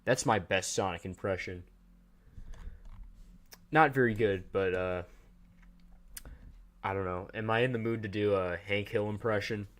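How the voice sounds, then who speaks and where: Low-voiced man casually chatting on a livestream. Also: a little slow, pauses often, fairly bright tone. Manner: joking, rambling, talks to chat. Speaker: livestream host.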